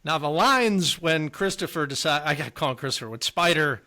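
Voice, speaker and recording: A man's voice: a little high, expressive, fairly quick, sharp tone. A man co-hosting a casual movie podcast, enthusiastically prompting his co-host with questions.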